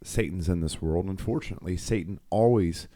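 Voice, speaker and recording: Deep, mellow-voiced middle-aged man storytelling. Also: a little fast. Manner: rambling storyteller, many fillers and restarts. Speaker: podcast co-host. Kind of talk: casual faith talk.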